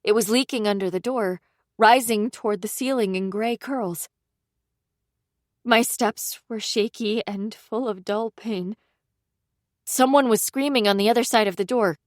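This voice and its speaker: A woman narrating a suspense audiobook in the first person, with a measured, tense reading. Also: fairly high pitch, dry recording, studio quality.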